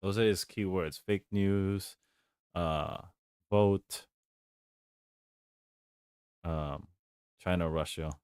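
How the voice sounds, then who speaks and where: A man's voice: low voice, drawn-out words, pauses often, a little mellow, clean tone, dry recording, clean studio sound. A man streaming a game and chatting casually, rambling and laughing along the way. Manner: rambling, laid-back, chuckles often. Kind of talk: casual gaming stream chat.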